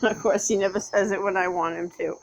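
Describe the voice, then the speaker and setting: A woman's voice: medium pitch, steady tone, fast, creaky, a little hiss or hum. A woman filming her pets at home, chatting to them in sing-song baby talk. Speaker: pet owner. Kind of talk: home pet video.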